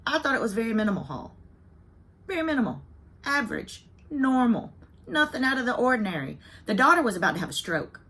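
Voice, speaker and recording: A woman's voice: fairly high pitch, very animated, very fast, hardly any pauses, pushed and bright. A middle-aged woman with a Southern US accent, chatting casually to camera about her hobby, with wry joking asides. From United States. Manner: chatty, wry asides and self-teasing jokes. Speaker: cross-stitch vlogger.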